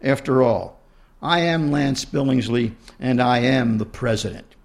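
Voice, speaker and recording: A man's voice: mid-range voice, a little slow, gravelly. A man reading aloud and voicing a disgraced president who snivels and pleads for forgiveness. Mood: pleading.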